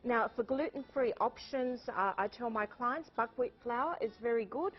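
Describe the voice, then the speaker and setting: A woman's voice: fairly high pitch, moderate pace, slightly rough, faint music behind. An Australian woman, a guest chef, chatting cheerfully through a cooking demonstration. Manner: cheerful, laughs often. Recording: dull lo-fi TV audio.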